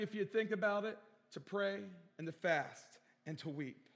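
A man's voice: very high-pitched, bright, forceful tone. A male pastor preaching earnestly, repeating phrases for emphasis and calling out for amens. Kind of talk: sermon. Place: church sanctuary. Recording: long hall reverb in a church.

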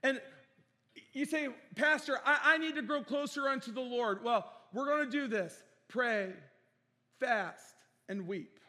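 A man's voice: very high-pitched, measured pace, sharp tone. A male pastor preaching earnestly, repeating phrases for emphasis and calling out for amens. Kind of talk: sermon. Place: church sanctuary. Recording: long hall reverb in a church.

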